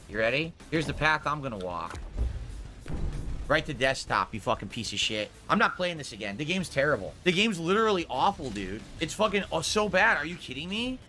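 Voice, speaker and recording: A gaming streamer rants angrily about games he played over gameplay clips, swearing often and sounding exasperated and fed up. His voice sits on the high side with a sharp tone.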